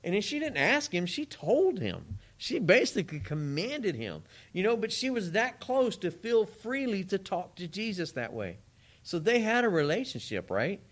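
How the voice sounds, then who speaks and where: A man preaching a sermon in a conversational, animated way, with asides to his congregation. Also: high-pitched, normal speed.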